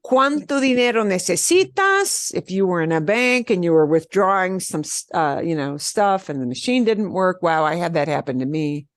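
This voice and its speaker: A woman's voice: fairly low pitch, very animated, dry recording, clean studio sound. Upbeat woman teaching beginner Spanish. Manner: upbeat, encouraging, models phrases slowly for repetition. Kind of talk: online beginner language class.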